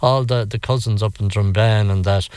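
A man's voice: fairly low pitch, steady tone, moderate pace, darkish tone, smooth, no room sound. An older Irish man telling stories from his past in a rambling, reflective interview. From Ireland. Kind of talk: reflective storytelling.

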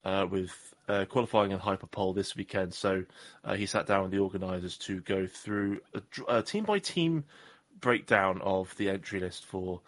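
A man's voice: low voice, moderate pace, a bit bright. A man chats loosely as a podcast co-host. He rambles, mocks himself and trails off before restarting his point. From Southwest England. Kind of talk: casual podcast chat.

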